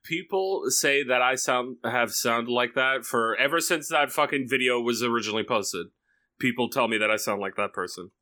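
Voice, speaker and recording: A man co-hosting a casual podcast, talking in animated, swearing rants. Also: medium pitch, normal speed. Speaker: podcast co-host.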